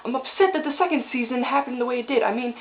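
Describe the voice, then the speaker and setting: A woman's voice: high voice, very fast, narrow, tinny audio. A woman giving an impassioned, exclamatory review of a cartoon's ending, her voice breaking when she gets upset. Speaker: vlogger reviewing a cartoon finale. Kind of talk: emotional ranting review.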